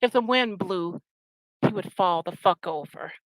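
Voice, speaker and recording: A woman's voice: lowish voice, a little slow, no room sound, rough recording. A woman hosting her own channel, ranting with profane, scornful and confrontational talk. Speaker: channel host. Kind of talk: angry ranting commentary.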